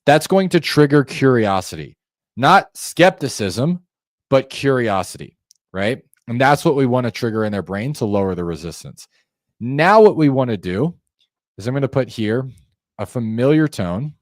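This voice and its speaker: A man's voice: medium pitch, expressive, moderate pace, no room sound, clean studio sound. A man teaching sales call technique, talking viewers through a script and acting out how each line should sound. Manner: coaching, demonstrates phone tones by acting out calls; conversational, addresses viewers directly. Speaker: sales trainer. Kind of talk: instructional screen-share walkthrough.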